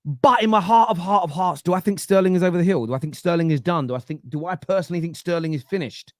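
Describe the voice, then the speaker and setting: A man in his thirties hosting a casual football chat, animated and laughing often, repeating words for emphasis. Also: high voice, fast, dry recording, studio quality. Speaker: football podcast host. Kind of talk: casual live-stream chat reading comments.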